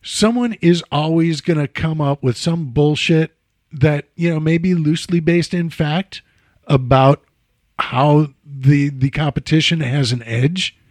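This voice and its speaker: Brief: chatty male host, slightly high voice, wanders off on tangents, dry close sound. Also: unhurried, no room sound. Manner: rambling, digressive, full of "you know" asides. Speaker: podcast host. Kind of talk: casual chat.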